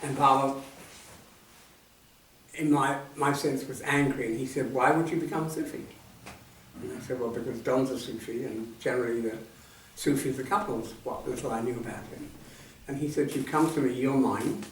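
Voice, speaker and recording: A man's voice: medium pitch, steady tone, normal speed. Older man recalling memories in an echoey hall. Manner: reflective, soft-spoken, trailing off at line ends. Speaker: speaker sharing memories. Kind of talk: personal storytelling talk. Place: meeting hall at a centre. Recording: echoey hall, distant mic, faint noise.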